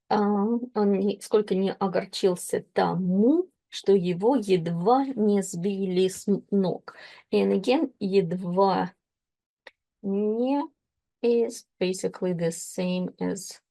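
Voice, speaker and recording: Woman, language teacher, gravelly fry, careful explaining. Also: medium pitch, dark tone. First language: Russian. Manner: slow, careful explanations with self-corrections. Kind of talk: explaining a book read-aloud.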